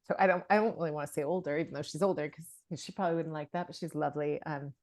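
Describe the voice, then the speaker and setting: Woman, 40s, podcast co-host, casual chat, low voice, dry studio sound, chatty with fillers. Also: fairly even intonation, fast, dry recording. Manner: chatty, laughs often, many fillers and restarts.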